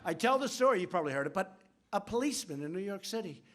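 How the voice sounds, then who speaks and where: A man's voice: high voice, sing-song, fast talker, a bit bright, a little hiss or hum. A man giving an off-the-cuff political speech at a podium in a large conference hall, rambling and repeating himself with boastful asides.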